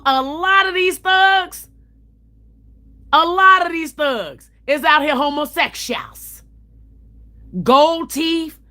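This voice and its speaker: A woman's voice: sits high, bright, forceful tone. A woman hosting a livestream, chatting casually and telling stories bluntly, with plenty of swearing. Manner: blunt, profane, storytelling. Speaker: livestream host.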